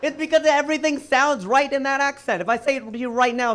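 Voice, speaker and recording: A man from the United States doing a stand-up comedy set, with an animated, incredulous punchline delivery. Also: very high-pitched, quick pace, a faint crowd, slight background noise.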